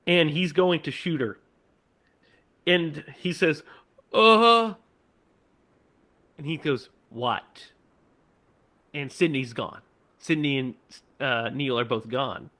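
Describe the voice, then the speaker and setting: A man's voice: mid-range voice, slow pace, pauses often, fairly bright tone. A man casually retelling a horror movie's ending, laughing and quoting its lines in exaggerated voices. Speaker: podcast co-host.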